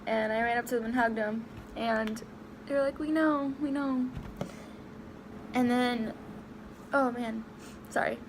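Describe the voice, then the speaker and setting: A young woman vlogging a personal story to camera, halting and emotional, close to tears, with many fillers and restarts. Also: on the high side, fairly even intonation, background noise.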